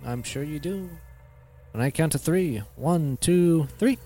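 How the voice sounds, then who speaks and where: A man playing a calm, smug hypnotist doctor who speaks in a slow, soothing, teasing way. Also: fairly high pitch.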